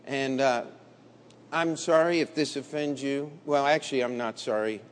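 A man preaching a sermon in a blunt, combative way, dropping to low murmurs and rising to loud emphatic bursts. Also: expressive, unhurried, long pauses, a little hiss or hum. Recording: long hall reverb.

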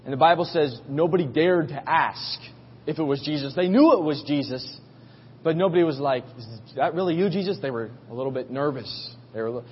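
A man's voice: a little high, a little fast, slight background noise. A man preaching a sermon as a pastor, telling the story in a casual, folksy way and acting out voices. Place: church. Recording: muffled recording in a reverberant hall.

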